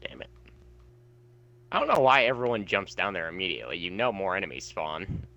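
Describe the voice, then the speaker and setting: A man's voice: deep voice, big pitch swings, fairly quick, bright, forceful tone, highs cut off. A man co-hosting a casual gameplay chat, talking in an easygoing, agreeable way. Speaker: co-host, fellow player.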